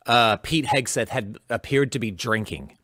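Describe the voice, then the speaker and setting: A man as a talk show guest, animated and indignant about politics. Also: mid-range voice, moderate pace, no room sound, clean studio sound. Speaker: guest, former FBI agent.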